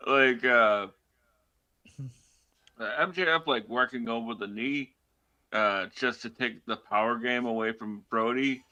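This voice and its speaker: A man's voice: medium pitch, unhurried, long pauses, bright, forceful tone. A man co-hosting a wrestling podcast in casual chat, laid-back and hesitant with many fillers, laughing easily. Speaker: podcast co-host.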